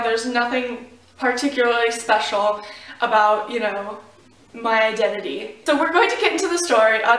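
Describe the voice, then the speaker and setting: A woman's voice: fairly high pitch, fairly bright tone. A woman from Florida telling a personal story to camera in a casual, rambling way, full of "like" and "um". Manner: chatty, filler-heavy with frequent "like" and "um". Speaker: vlogger. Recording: roomy sound, mic at a distance.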